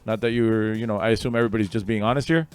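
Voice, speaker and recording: A man runs an online trivia night from home, reading out questions and answers. He drifts into casual, rambling asides between them. Soft music plays faintly underneath. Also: on the low side, fairly even intonation, rapid-fire, clean tone. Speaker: trivia host. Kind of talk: casual livestream trivia hosting.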